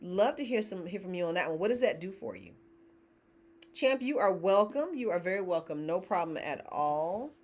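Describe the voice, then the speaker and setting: Middle-aged woman, founder hosting a live sale, very expressive, chatty and laughing. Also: lowish voice, moderate pace. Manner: chatty, laughs often, reads viewer comments aloud. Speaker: company founder hosting live shopping stream. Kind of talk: casual live-stream chat.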